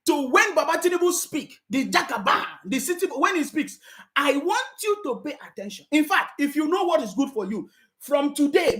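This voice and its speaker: High-voiced, fervent Nigerian woman. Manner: emphatic, repetitive, sometimes shouting. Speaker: political commentator. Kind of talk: impassioned political commentary vlog.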